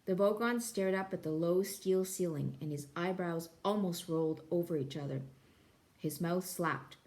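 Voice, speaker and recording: A woman reading a novel aloud in an expressive, playful way. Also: on the low side, normal speed. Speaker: reader.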